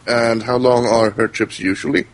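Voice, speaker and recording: A man playing a tabletop game, speaking in a measured, cautious way. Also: medium pitch, little pitch movement. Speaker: player. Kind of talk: tabletop in-character talk.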